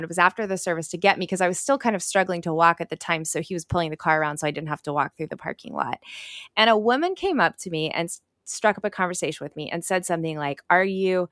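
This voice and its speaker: A woman's voice: medium pitch, no echo, studio quality. Earnest woman telling a faith story. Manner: earnest, animated retelling with quoted voices. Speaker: author and pastor, podcast guest. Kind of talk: personal storytelling in an interview.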